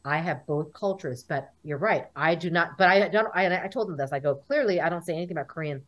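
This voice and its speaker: A woman's voice: low-pitched, fast, lo-fi sound. A woman, a guest in a casual interview, telling stories and acting out what people said to her. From United States. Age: 40s. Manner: animated storyteller, acts out dialogue.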